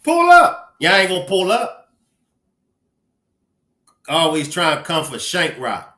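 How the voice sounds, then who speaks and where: A man's voice: a little high, lively intonation, slow, bright, forceful tone. A man with a Baltimore accent hosting a casual live stream, joking playfully with viewers and reading their names aloud. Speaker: livestream host. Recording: roomy echo.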